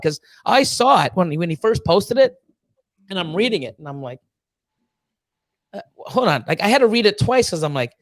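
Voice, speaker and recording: A man with a notably high voice hosts a live chat stream, swearing freely and telling stories with lots of animation. He laughs often mid-sentence and mimics the people in his stories. The sound is dry and close. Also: moderate pace, pauses often, no echo. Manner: profane, animated storytelling; acts out quoted exchanges with voice changes. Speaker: host of a reptile-keeping live show.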